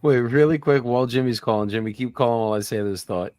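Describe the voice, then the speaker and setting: Young man, livestream host, excitable, joking, casual swearing, mid pitch, dry close sound. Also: quick pace, smooth, no room sound.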